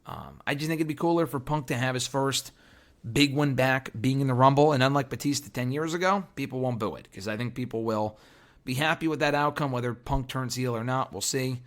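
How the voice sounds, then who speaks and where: A man hosts a solo wrestling podcast, his voice hoarse and worn as if he is losing it. He talks in an opinionated way and thinks aloud with frequent fillers. His voice sits at an ordinary mid pitch. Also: fairly quick. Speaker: podcast host.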